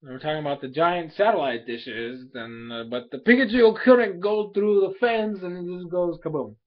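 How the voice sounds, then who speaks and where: A young man casually recapping an anime episode in a rambling, animated way, full of fillers and quick asides. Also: high-pitched, lo-fi sound. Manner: rambling, animated, filler-heavy, laughs often.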